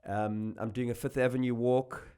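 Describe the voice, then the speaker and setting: A man with a South African accent, a guest comedian chatting on a podcast. He is animated and jokey, often restarting his sentences. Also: mid-range voice, moderate pace, smooth. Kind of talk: casual podcast chat.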